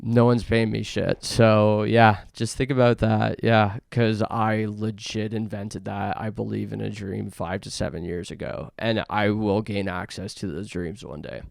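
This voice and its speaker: Young male podcast host from Canada, unhurried gravelly delivery, deadpan absurd riffs, dry close mic. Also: on the low side, no room sound. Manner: absurd deadpan bits, frequent fillers. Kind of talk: rambling comedic monologue.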